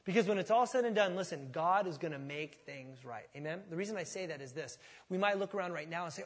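A man's voice: on the high side, lively intonation, brisk, fairly bright tone. A man preaching a sermon in a conversational, folksy way, often restarting words as he thinks aloud. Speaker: pastor. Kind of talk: expository sermon. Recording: long reverb of a large hall.

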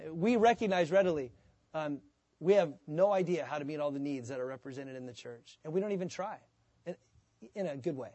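A man preaching a sermon as pastor, in a conversational, animated way, sometimes acting out the voices of the people he quotes. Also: fairly high pitch, brisk, dry recording.

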